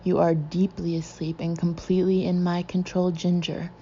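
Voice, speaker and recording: A stern, insistent male hypnotist, as a woman narrator voices him, coaxing and then commanding in a low, mellow tone. The audiobook recording is dull and lo-fi, with a faint hiss. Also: steady tone, unhurried, close to an everyday voice. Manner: soothing then stern and demanding.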